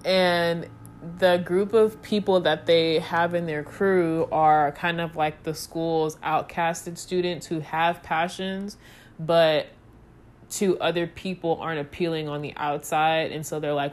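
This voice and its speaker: A woman's voice: sits low, steady tone, takes it slowly, slight background noise. A young woman chatting casually to her viewers, rambling with goofy asides. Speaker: vlogger. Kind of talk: casual chat to camera.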